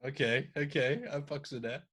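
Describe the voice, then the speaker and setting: A man's voice: medium pitch, steady tone, moderate pace, fairly bright tone. A British man co-hosting a podcast, wry and teasing, laughing easily in casual banter. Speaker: podcast co-host.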